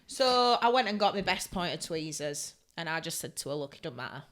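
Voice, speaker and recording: Woman, beauty-salon podcast co-host, bright voice, lively anecdote telling with acted-out quotes. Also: deep voice, fairly quick. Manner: animated storytelling, acts out quotes. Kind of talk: casual chat.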